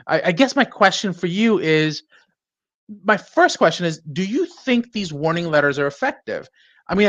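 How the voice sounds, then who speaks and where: A man hosts a casual podcast chat in a somewhat high voice, rambling with lots of fillers and dry self-mockery. His voice sounds dull and lo-fi, in a dead, dry room. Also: fairly bright tone, no echo. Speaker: podcast host.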